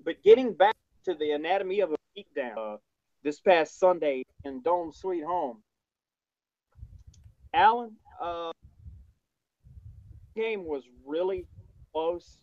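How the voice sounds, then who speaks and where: A man's voice: fairly high pitch, very animated, slow, pauses often, darkish tone, no room sound, lo-fi sound. A man co-hosting a sports podcast, talking casually with frequent hesitations and fillers. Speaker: podcast co-host.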